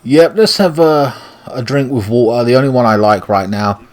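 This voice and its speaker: A British gaming YouTuber with a mid-range voice, speaking at normal speed, rants and swears while commentating on a video game he's playing in a let's play.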